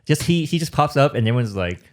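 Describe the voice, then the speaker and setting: Quick-talking male podcast host. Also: medium pitch, big pitch swings. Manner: asks short follow-up questions. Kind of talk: casual podcast conversation.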